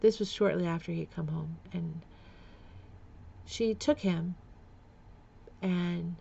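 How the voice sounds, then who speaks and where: A woman's voice: on the low side, slow pace, gravelly, pauses often, warm tone, breathy edge, highs cut off. A woman vlogger candidly telling a painful family story, with nervous laughs and repeated words. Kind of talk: personal storytelling vlog.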